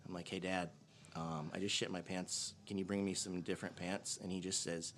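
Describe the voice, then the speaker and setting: A man's voice: deep voice, level tone, brisk, a bit bright. A man on a casual podcast, telling a story with animation and laughing as he talks. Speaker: podcast co-host. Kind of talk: casual chat.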